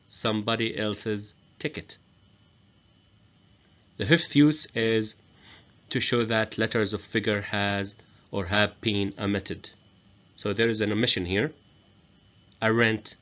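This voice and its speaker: A man whose first language is Arabic, giving a grammar lesson as a teacher, explaining slowly and repeating each example. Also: lowish voice, a bit bright. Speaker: English teacher. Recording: dull lo-fi recording.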